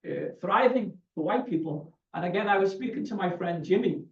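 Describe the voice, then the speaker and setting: A man's voice: high voice, expressive, a little fast, creaky, recorded from a distance. A man from Liverpool with a Liverpool accent, a scholar answering a question in a talk, telling anecdotes with many restarts. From Liverpool, England. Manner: digressive, anecdotal, frequent restarts. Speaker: guest speaker, scholar. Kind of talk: conversational Q&A answer. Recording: dull, roomy audio from afar.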